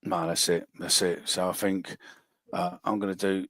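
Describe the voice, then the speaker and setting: Blunt man, very low voice, dry close mic, podcast host reading fan predictions. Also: flat delivery, normal speed, a bit bright, no echo. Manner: blunt, swears freely. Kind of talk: casual football podcast chat.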